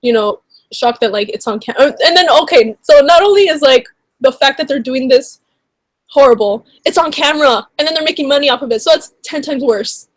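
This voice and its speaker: Woman YouTuber, higher register, dry close sound; indignant, rambling casual commentary full of fillers. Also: brisk, no room sound. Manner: indignant, rambling, heavy on "like" and "you know".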